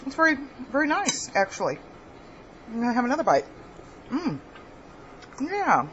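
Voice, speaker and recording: A woman's voice: high voice, huge pitch swings, normal speed, lo-fi sound, background noise. A woman hosting a home cooking video, chatting casually and laughing at her own kitchen mistakes. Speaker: cooking vlog host.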